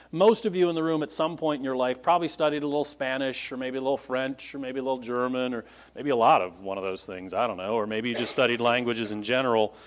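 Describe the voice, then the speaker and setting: Man preaching a conversational sermon. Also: medium pitch. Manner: explanatory, checks in with listeners by asking "right?" and "okay?". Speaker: pastor. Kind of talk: conversational Bible-teaching sermon. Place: church meeting room with a congregation.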